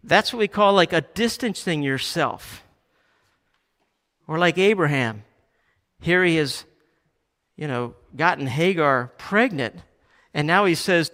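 A male pastor preaching a sermon, animated, acting out quoted Bible lines with a raised voice. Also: fairly high pitch, slow pace, pauses often. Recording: long hall reverb.

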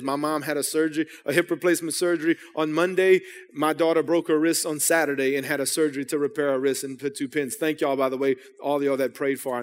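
A young adult man, preaching a sermon as a pastor, telling a personal story in a conversational way with frequent restarts. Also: fairly high pitch. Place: church sanctuary. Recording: long hall reverb in church.

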